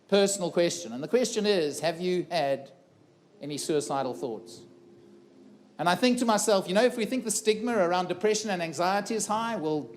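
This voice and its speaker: A middle-aged man with a fairly high voice speaks from a conference stage. He tells a personal story in an earnest way, repeats key phrases and puts questions to the crowd. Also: slight background noise. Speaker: keynote speaker. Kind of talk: personal story told to a live audience. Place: conference room before a live audience.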